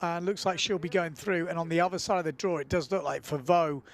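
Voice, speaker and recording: High-voiced chatty male sports commentator. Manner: chatty, relaxed, fills pauses with uh. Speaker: event commentator.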